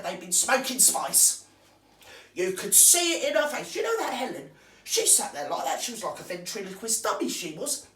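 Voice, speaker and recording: Brief: woman, comic rant, crude and scornful, pitch leaping all over, roomy sound set back from the mic. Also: a bit bright, far from the mic. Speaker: comic character host.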